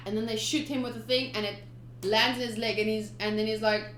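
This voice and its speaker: A woman's voice: on the high side, steady tone, fast talker, a bit bright, reverberant, shouting, slight background noise. A woman giving playful, chatty commentary in a casual manga readthrough, adding her own sound effects. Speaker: manga reader, channel host.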